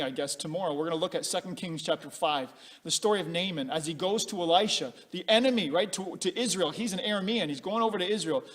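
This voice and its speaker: A man, a pastor, talks casually in a weekly video from inside a church, telling animated stories with frequent restarts. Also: a little high. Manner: animated storytelling with many restarts.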